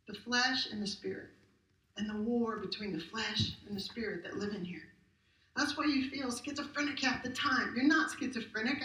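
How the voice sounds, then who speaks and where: A middle-aged woman pastor delivers a conversational yet emphatic sermon packed with rhetorical questions, her mid-range voice pushed and bright. She's in a church sanctuary, recorded from a distance in the roomy hall.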